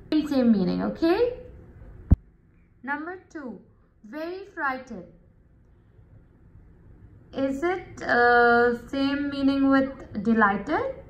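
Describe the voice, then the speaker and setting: A woman teacher with a high voice explains a vocabulary lesson at a very slow, drawn-out pace. She often stops to check in with her students. The recording has an echoey room sound. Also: a bit bright.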